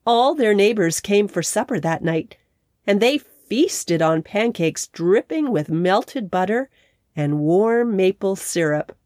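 A woman narrating a children's story in a gentle, measured way. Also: mid-range voice, animated, dry recording, clean studio sound.

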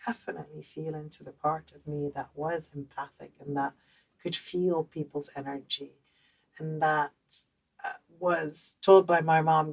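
A woman with a Dutch accent hosting a podcast, telling a personal story in an animated, conversational way with lots of fillers. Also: low voice, moderate pace, low-quality recording. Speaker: podcast host.

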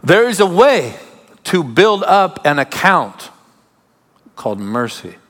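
A man preaching a sermon as pastor, emphatic, with sudden drops to quiet asides. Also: high voice, big pitch swings, takes it slowly. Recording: long hall reverb.

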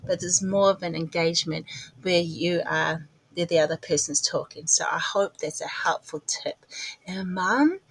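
A woman with a fairly low voice hosts her own podcast, chatting and rambling while often laughing at herself, a little out of breath between phrases. She's miked close and dry with no room sound, though the recording quality is low.

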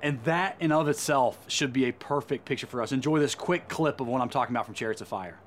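A man's voice: medium pitch, fast talker, a little hiss or hum. A man delivering a sermon as a Christian speaker, earnest and emphatic, often repeating words as he goes.

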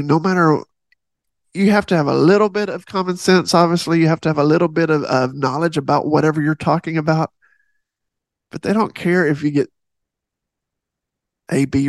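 A man's voice: fairly high pitch, vocal fry, no echo. A man hosting a faith podcast, talking earnestly in a rambling, casual way with many restarts. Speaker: podcast host.

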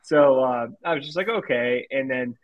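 A man's voice: mid-range voice, moderate pace, dry recording, lo-fi sound. A man co-hosting a casual fishing podcast, telling a rambling story and breaking into laughter. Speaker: podcast co-host.

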